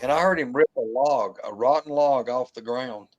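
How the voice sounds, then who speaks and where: A man, telling a long encounter story in casual talk, colloquial and animated, mimicking the sounds he heard. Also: mid-range voice, moderate pace.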